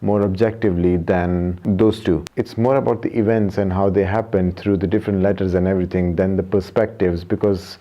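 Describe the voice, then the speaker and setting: Deep-voiced young man, rambling casual vlog. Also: steady tone, brisk, hardly any pauses, dark tone. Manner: rambling, self-correcting, frequent fillers. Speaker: vlogger. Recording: muffled low-fidelity audio.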